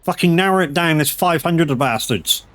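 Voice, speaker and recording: While streaming a farming game, a middle-aged man chats casually and spins rambling, anecdotal stories full of swearing. His voice is a little high and expressive, at normal speed.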